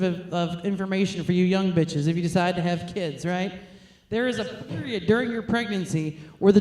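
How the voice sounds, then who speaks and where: A woman's voice: mid-range voice, darkish tone, roomy sound, slight background noise. A young woman from New York, a stand-up comedian, telling crude, self-mocking jokes.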